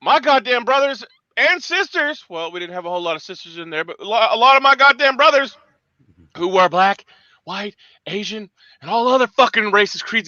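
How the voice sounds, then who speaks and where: A man hosting a morning livestream, swearing through angry, shouting tirades. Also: very high voice, expressive, moderate pace, no echo, lo-fi sound. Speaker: host. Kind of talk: profane morning livestream rant.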